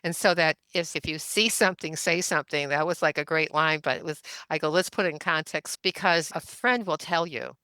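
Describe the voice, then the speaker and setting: Bright, crisp-voiced woman in her seventies. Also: low voice, fairly quick, few pauses, dry recording. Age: 70s. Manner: chatty, anecdotal, laughs often. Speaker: guest. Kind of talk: casual storytelling interview.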